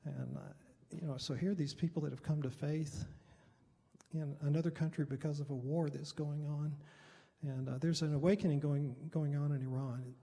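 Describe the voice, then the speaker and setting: A man's voice: a little high, fairly even intonation, normal speed, creaky, dark tone. A middle-aged man, a Baptist pastor, telling a mission story at a Bible study in a loose, rambling, conversational way. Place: church hall. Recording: reverberant hall.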